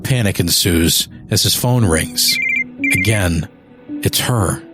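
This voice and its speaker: A man narrating a scripted audio drama in a slow, measured storytelling manner. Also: low voice. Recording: music bed behind narration.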